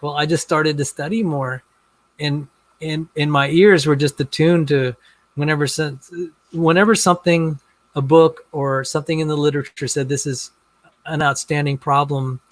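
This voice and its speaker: A man with a fairly high speaking voice for a man, answering questions in a rambling, halting manner with frequent restarts. The recording is dry and close, with no room sound. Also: fairly even intonation, no room sound, low-quality recording. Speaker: interview guest. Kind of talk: casual conversation.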